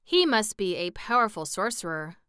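A woman reading the part of a kindly, sympathetic male tin man in an audiobook, in a measured, slightly raised voice. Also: medium pitch, sing-song, a bit bright, smooth, no room sound, clean studio sound.

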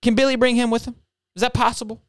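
A man's voice: very high voice, little pitch movement, quick pace, smooth, no room sound, studio quality. A man hosting a casual sports talk show, fired up and emphatic, tacking "okay?" onto his points. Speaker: podcast host.

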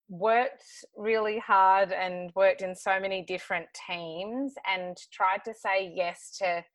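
A woman's voice: lowish voice, a bit bright, no room sound. A woman with an Australian accent, a hair colorist chatting as a guest on a podcast in an upbeat, talkative way. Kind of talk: casual podcast interview.

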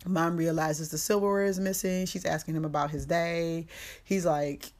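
A woman's voice: on the low side, fairly even intonation, normal speed, darkish tone. A woman hosting a podcast, recapping a movie in a casual, profane, slangy way. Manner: profane, slangy storytelling with quoted voices. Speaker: podcast host.

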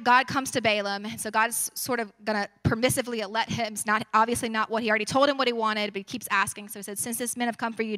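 A woman's voice: sharp tone, dry recording. A woman preacher reading scripture aloud and breaking off into casual asides, then pressing her point with rising force. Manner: conversational, asides between Bible verses; rises in pitch and force when preaching the point.

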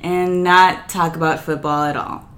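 A woman's voice: sits low, fairly even intonation, unhurried, fairly bright tone. A young woman co-hosting a podcast, chatting casually in a teasing, giggly way. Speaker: podcast co-host. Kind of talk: casual chat.

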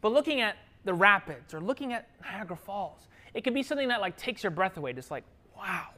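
Lively man preaching a sermon. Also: sits high, brisk. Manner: lively, asks the room questions, laughs easily. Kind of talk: sermon with audience questions.

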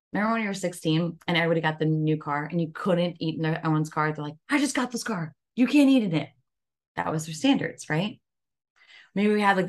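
A woman with a slightly low voice speaks as a podcast guest. She sounds easygoing and conversational, tossing in "like" and "right?" as she talks. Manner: conversational, frequent "like" and "right?" fillers. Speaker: podcast guest, wellness coach. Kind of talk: casual podcast chat.

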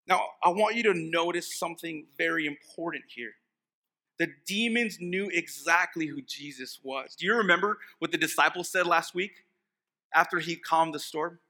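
A man delivers a sermon as a pastor, his voice sitting high and sounding strikingly bright and forceful. He keeps asking the congregation questions and slips into chatty voices when he acts out what the demons are pleading. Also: moderate pace. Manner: preaching with rhetorical questions, acting out demons' pleas.

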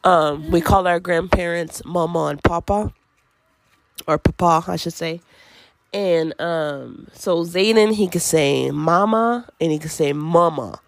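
Hosting a casual parenting podcast from home with her toddler, a woman from Washington chats loosely, with lots of fillers and laughter. Her voice is fairly low, creaky, and a little slow.

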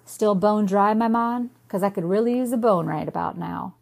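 A woman's voice: medium pitch, normal speed, gravelly, darkish tone. A woman voicing a goofy young man at a party who talks in a put-on Jamaican accent and loose slang.

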